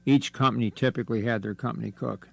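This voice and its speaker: A man's voice: medium pitch, fairly even intonation, fast talker, gravelly. A man who is a guest on a radio talk show, patiently explaining history and insisting on accuracy. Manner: explanatory, detail-minded stickler. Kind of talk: casual radio conversation.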